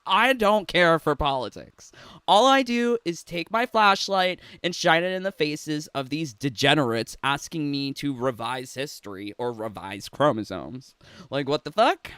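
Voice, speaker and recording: A man's voice: fairly high pitch, animated, unhurried, fairly bright tone, smooth, no room sound. A man ranting in a sarcastic, rambling, giggly way from his home in a casual gaming vlog. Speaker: gaming YouTuber. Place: home room.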